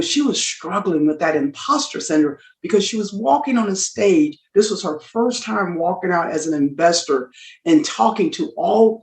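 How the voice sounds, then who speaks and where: A middle-aged woman telling a story as a podcast guest, emphatic and animated, acting out the dialogue as she goes. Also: lowish voice. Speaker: guest entrepreneur. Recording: roomy echo.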